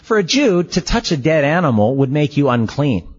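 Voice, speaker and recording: A man preaching a sermon, telling the story in a lively, conversational way. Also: fairly high pitch, moderate pace, slightly rough. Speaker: pastor. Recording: slightly dull lo-fi sound.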